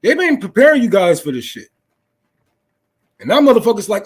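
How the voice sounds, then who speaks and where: A man's voice: high-pitched, wildly swooping pitch, a little fast, husky. A young man in an unscripted political rant, profane and fired-up, preaching to his listeners. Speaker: political talk host.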